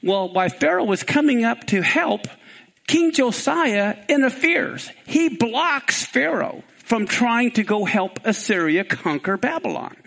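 Man, Kansas accent, Bible teacher, high voice with gravel, animated delivery of verses. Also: measured pace. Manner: animated, rising for emphasis on scripture.

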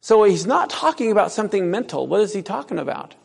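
A man's voice: high-pitched, very animated, fast, vocal fry, breathy edge. A man preaching a sermon, reading scripture aloud and putting questions to his listeners. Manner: asks the audience questions and reads scripture aloud. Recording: long reverb in a hall.

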